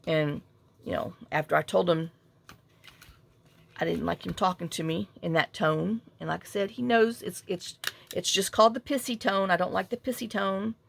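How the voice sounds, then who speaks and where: A woman's voice: on the low side, steady tone, normal speed, creaky. A middle-aged woman, rambling and self-deprecating as she tells a story while crafting at home. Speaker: crafting vlogger.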